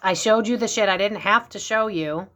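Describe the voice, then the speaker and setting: A woman's voice: mid-range voice, normal speed, a bit bright, natural voice. A woman voicing an angry, betrayed, grandiose male celebrity in an indignant, self-pitying rant.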